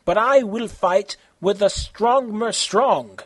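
A man's voice: high voice, slow pace, a bit bright, dry recording, pitched above the performer's own voice, full character voice. A man voicing a boastful, cruel villain king in an amateur fan-fiction reading, mocking in broken grammar. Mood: gloating.

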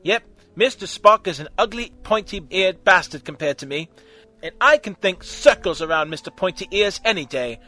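A man voicing a vain, excitable male time-travelling hero in a comic fan fiction reading, loud and full of indignation. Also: sits high, normal speed, voice pushed up. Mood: boastful. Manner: loud, indignant, boastful outbursts.

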